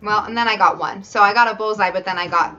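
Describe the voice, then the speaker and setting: A woman's voice: medium pitch, fairly even intonation, quick pace, bright, forceful tone, highs cut off, soft background music. A woman hosting a casual gaming chat, sounding sleepy and yawning often as she plays. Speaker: host playing a video game.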